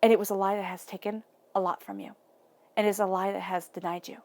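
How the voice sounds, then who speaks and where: A woman giving an intuitive tarot reading, earnest and emotional, speaking softly through affirmations and restarting her thoughts often. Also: medium pitch, steady tone, fast. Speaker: tarot reader.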